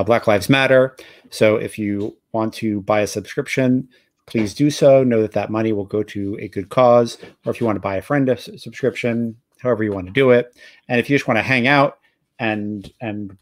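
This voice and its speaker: A man with a New Jersey accent, hosting a live tabletop game and recapping the story in a halting, self-correcting way with easy laughs. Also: medium pitch, no room sound. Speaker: game master. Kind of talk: casual actual-play narration.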